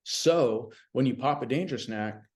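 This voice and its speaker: A man telling stories as a guest in a casual podcast conversation, animated and chatty, often saying "you know what I mean.". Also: medium pitch, a little slow. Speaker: podcast guest, BMX announcer.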